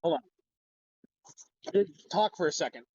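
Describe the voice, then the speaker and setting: A man's voice: a little high, animated, unhurried, dark tone, no room sound. Minnesotan man on a muffled call. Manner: loose, profane, rambling. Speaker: guest. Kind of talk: casual livestream discussion.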